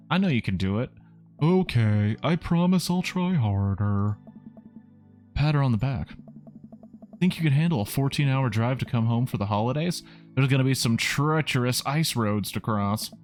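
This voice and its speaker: Wry man reading a video game aloud. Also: medium pitch. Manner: casual, wry asides. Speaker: streamer. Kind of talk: let's play game reading.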